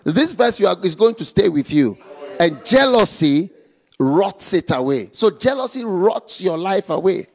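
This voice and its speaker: Slow, high-voiced preaching man. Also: big pitch swings, darkish tone, slight background noise. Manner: slow, emphatic preaching with repeated call-outs. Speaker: pastor. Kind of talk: sermon. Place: church.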